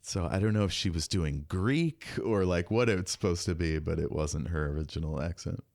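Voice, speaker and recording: A man's voice: sits low, gravelly, a little mellow, dry recording, studio quality. A man hosting a podcast, chatting casually and joking often. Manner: joking, chatty, quick to laugh. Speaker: podcast host. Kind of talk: casual chat.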